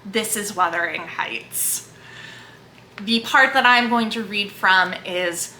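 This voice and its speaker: A woman talks about books with effusive enthusiasm. Her voice is bright and forward. The echoey room adds a faint hiss behind her. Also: mid-range voice, slow pace. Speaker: book video creator. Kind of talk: casual book talk. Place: home.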